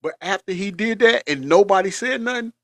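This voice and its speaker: Casting: high-pitched man, chatty reaction host, teary from laughing, dry close mic. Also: fairly quick, no echo. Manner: laughing hard, animated, chatty. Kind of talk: casual reaction commentary.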